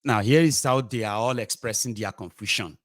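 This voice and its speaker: A man's voice: fairly low pitch, normal speed, dry recording, studio quality. A Nigerian man giving mocking political commentary, switching between a plain talking voice and mocking voices for quotes. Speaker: commentary host.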